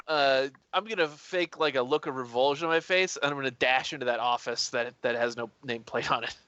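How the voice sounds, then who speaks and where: A man's voice: medium pitch, steady tone, fairly quick, bright, forceful tone, clean tone, no echo. A man playing in a tabletop game, rambling with many fillers and restarts. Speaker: player. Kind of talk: tabletop role-play chat. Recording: dull dry mic sound.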